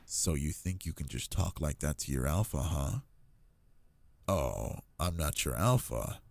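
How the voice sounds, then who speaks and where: A man playing a possessive, doting alpha lover in an intimate audio role-play, talking in a low, teasing way. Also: animated, unhurried, vocal fry, a little mellow, heavily acted.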